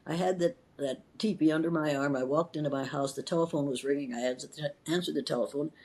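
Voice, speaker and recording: A woman's voice: low voice, fast, darkish tone, husky. Impassioned older woman. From Iowa, USA. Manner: impassioned and emphatic, with repeated words and restarts. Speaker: retired schoolteacher telling her story. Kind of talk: personal storytelling in an interview.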